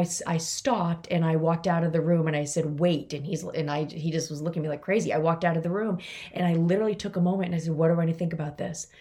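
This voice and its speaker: Middle-aged woman host, warm low voice, emotional and confiding storyteller. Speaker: podcast host, mother of three boys. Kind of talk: personal storytelling to listeners.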